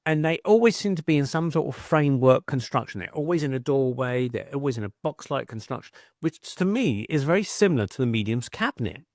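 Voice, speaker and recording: A middle-aged British man, a podcast guest, telling a story in a lively, conversational way, with frequent restarts. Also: mid-range voice, quick pace, hardly any pauses, no echo, studio quality. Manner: animated storyteller, acts out quoted voices, frequent restarts.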